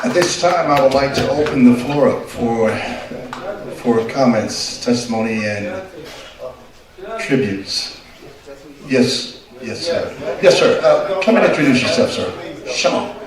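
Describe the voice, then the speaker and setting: A man's voice: mid-range voice, expressive, slow. A man officiating a memorial service, inviting the congregation to speak. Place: funeral hall. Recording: distant, very echoey hall with crowd.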